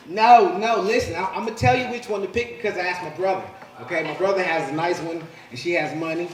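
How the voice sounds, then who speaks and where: High-voiced forties guy doing stand-up, swearing a lot, roomy club mic, kinda far off. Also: brisk, few pauses, crowd noise. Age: 40s. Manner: profane, loud punchy delivery with frequent "you know what I'm saying". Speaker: stand-up comedian. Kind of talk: live stand-up set. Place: comedy club stage with audience laughing. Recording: roomy live club sound from a distance.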